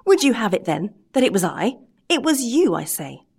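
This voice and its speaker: A woman's voice: mid-range voice, lively intonation, moderate pace, a little mellow. A woman doing a fiery little old man. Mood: angry. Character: fiery little old man, quick-tempered puppet maker.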